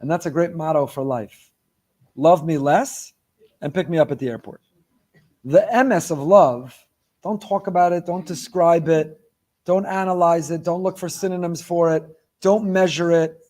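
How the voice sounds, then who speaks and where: Male rabbi, sermon delivery, emphatic and repetitive, voice sits a bit high. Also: normal speed, darkish tone. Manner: emphatic, repeats key phrases.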